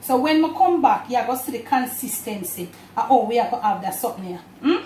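Fast and expressive, a Jamaican-accented woman with a fairly high voice cooks a recipe at home, talking chattily to viewers as family. The echoey kitchen is recorded with a distant mic, and background noise includes clattering dishes and pans.

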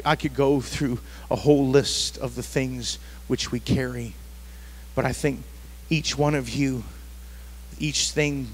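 A man's voice: mid-range voice, steady tone, takes it slowly, a little hiss or hum. A man pastor preaching a sermon at a church service, emphatic and fond of repeating his phrases.

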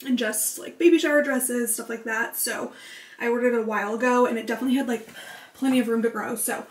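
A woman's voice: fairly high pitch, fairly even intonation, quick pace. A young woman chatting to the camera in a casual home vlog, a little out of breath, bubbly and full of fillers. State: out of breath from pregnancy. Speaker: vlogger. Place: home, indoors. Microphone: camera mic. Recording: echoey room.

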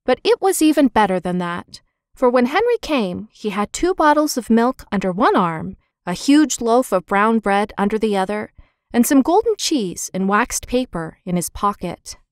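A woman narrating a children's book in a clear, expressive storytelling manner. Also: a little high, moderate pace, no echo, clean studio sound. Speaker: audiobook narrator.

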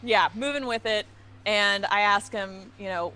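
A woman at a middle pitch plays a tabletop role-playing game. She talks playfully and eagerly, laughing often as she describes her character's bold moves. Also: measured pace, bright, forceful tone. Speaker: player. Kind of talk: casual tabletop play.

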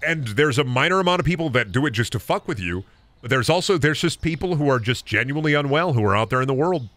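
Bright-voiced young man ranting on stream. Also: mid-range voice, fast talker, no echo. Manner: animated, rambling, swears freely. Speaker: game streamer. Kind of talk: ranting livestream commentary.

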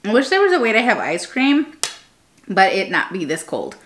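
A young woman vlogging in a casual, rambling chat, full of fillers and quick self-corrections. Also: mid-range voice, wildly swooping pitch, slight background noise.

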